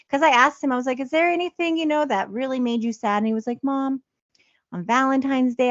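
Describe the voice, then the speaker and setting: A woman's voice: a little high, dry recording, lo-fi sound. A woman in her thirties, talking in a casual, confessional podcast chat. She speaks with feeling and uses many fillers. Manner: emotional, confessional, many fillers like "you know". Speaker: podcast co-host.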